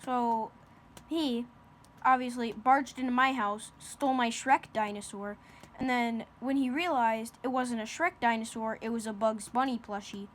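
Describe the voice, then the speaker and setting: A woman's voice: a little high, steady tone, unhurried, a little hiss or hum. A woman improvising a silly comic story, rambling with lots of fillers and restarts.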